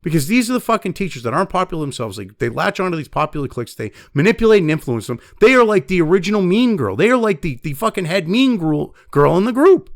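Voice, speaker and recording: A man's voice: high voice, very animated, quick pace, creaky, few pauses, dry recording, studio quality. A man giving angry, heavily profane news commentary, reading news excerpts aloud between blunt rants.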